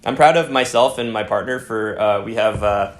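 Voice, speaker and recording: A man's voice: lowish voice, moderate pace. Canadian guy rambling on a podcast, lots of ums, kinda echoey room. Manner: rambling, lots of fillers and restarts. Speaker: podcast guest, fashion editor. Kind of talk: casual chat.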